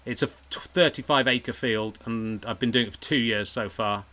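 A man's voice: medium pitch, normal speed, pushed and bright. An English man hosting a comedy podcast, rambling and self-mocking and laughing often as he chats with a guest. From England. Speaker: podcast host. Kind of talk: casual comedic interview chat.

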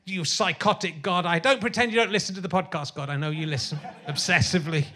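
A man's voice: a little high, animated, fast, bright, forceful tone. A middle-aged man hosting a comedy podcast live on a theatre stage, rambling and sardonic with crude asides and lots of fillers. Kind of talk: live stand-up style podcast chat.

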